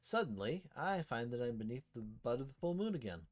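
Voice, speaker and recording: A man's voice: medium pitch, very animated, brisk. A man reading a game story aloud, narrating in first person with shifting dramatic intensity. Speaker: story reader. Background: faint background music.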